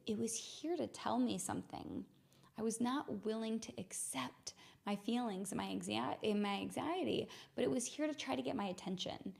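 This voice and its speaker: Gravelly-voiced woman telling her story. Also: medium pitch, a little mellow. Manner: earnest, slows down to stress words. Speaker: podcast host. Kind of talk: reflective personal storytelling.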